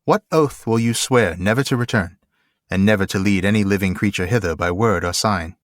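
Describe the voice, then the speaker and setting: A man voicing a grave, stern captain in a read-aloud passage, measured and commanding. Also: on the low side, no echo, clean studio sound, natural voice.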